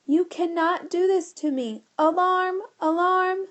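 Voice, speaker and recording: Pompous storybook computer, high and metallic-sounding, indignant, voiced by a woman narrator. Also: takes it slowly, dull audio. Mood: alarmed. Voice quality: mechanical, snooty. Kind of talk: audiobook character voice.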